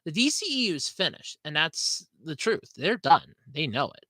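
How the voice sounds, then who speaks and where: This is a podcast host chatting on a livestream in a loose, rambling way, apologizing and venting. The voice sits in a middle pitch, and the recording is close and dry with no room sound. The talk keeps wandering and restarting. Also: sing-song, normal speed, sharp tone, dry recording. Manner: rambling, scatterbrained; apologetic, frustrated rant. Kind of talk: casual livestream chat.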